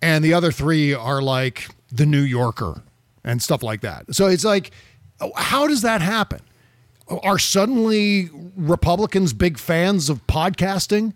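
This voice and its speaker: A man co-hosting a political podcast in casual chat, talking loosely with profanity and quick laughs. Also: on the high side, lively intonation, dry recording. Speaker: podcast co-host.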